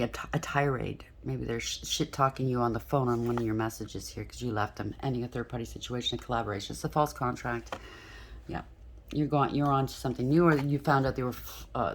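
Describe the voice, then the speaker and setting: A woman's voice: a bass voice, a little fast, a little hiss or hum. A woman doing a collective tarot reading, talking bluntly and frankly, often checking in with "okay?". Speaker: tarot reader.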